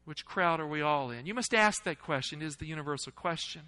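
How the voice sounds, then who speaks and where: A man preaching a sermon, asking the congregation questions and swinging between loud, urgent lines and hushed ones. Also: on the high side, fast talker, rough recording. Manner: asks the audience questions.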